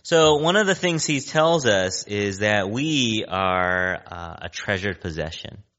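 Man, pastor, conversational sermon, lively pitch, lo-fi audio. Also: takes it slowly. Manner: conversational, keeps asking "right?".

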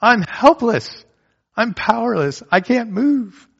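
A man's voice: very high voice, very animated, takes it slowly, creaky, fairly bright tone, husky, voice pushed up, full character voice. A man voicing a whiny little girl who begs to be carried, pleading and helpless. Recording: dull lo-fi recording.

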